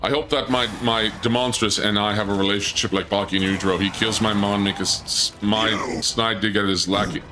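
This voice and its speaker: A man's voice: on the low side, fairly quick, few pauses, background noise. A man streaming a video game, chatting playfully with his viewers and reading their messages aloud. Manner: playful, reads chat aloud, bursts into excited shouts. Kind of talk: casual let's play chat with viewers.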